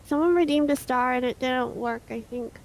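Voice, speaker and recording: A woman's voice: sits high, normal speed, creaky. A woman streaming and chatting casually with a co-host, playful and teasing, often giggling. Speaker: vtuber streamer. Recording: faint background noise.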